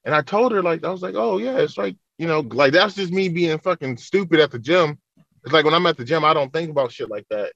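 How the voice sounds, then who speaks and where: A man's voice: a little high, quick pace, a bit bright, dry recording, highs cut off. A man in a casual podcast chat who swears freely and tells stories, acting out what people said. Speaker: podcast guest.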